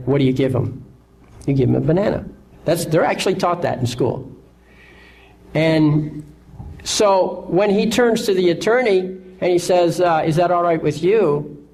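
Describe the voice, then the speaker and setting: A man's voice: on the high side, darkish tone, rough recording. A man giving an instructional talk in a confident, assured manner, often checking in with listeners. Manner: confident, repeats "okay?" to check in. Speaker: lecturer.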